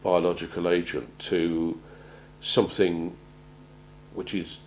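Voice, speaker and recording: A man gives a measured talk on crisis planning, often pausing and repeating words as he goes. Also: low-pitched, level tone, a little mellow, rough recording. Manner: measured, halting, repeats words while finding them. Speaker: presenter on organisational crisis planning. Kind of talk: prepared talk to an audience.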